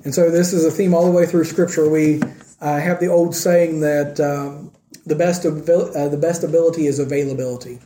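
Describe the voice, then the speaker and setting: A man delivers a sermon in an earnest, probing way, often stopping to question his listeners. His voice sits a little high but sounds very dark and mellow. The sound carries the echo of a room. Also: steady tone, slight background noise. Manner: earnest, questions the congregation, slows for emphasis. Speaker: preacher.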